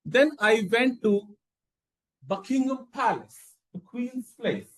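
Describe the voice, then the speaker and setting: A man delivering an animated prepared speech at a club meeting. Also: very high-pitched, slow pace, reverberant, far from the mic. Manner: animated storytelling. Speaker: club speaker.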